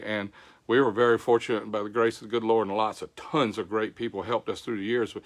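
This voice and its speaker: An older man hosting a casual livestream, folksy, greeting viewers by name. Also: fairly low pitch. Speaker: show host. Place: home.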